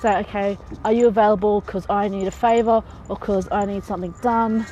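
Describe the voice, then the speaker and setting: A woman's voice: medium pitch, fairly even intonation, a little fast, warm tone, dull audio. Woman vlogger, frank and chatty, straight-talking advice, light laughs, faint noise behind. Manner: chatty, frank, often laughs mid-sentence. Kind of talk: casual advice talk to camera.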